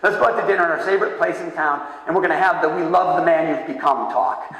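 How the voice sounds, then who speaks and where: Animated man giving a keynote in an echoey hall. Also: fast talker. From Massachusetts, USA. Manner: animated storyteller, acts out voices with big pitch jumps. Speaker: keynote speaker. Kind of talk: conference keynote talk. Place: large hall. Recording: echoey hall, heard from far off.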